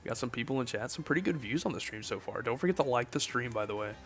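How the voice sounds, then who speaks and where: A man's voice: mid-range voice, lively intonation, rapid-fire. A young man chatting casually on a gaming livestream, joking and reading chat aloud, with faint music behind him. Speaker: streamer.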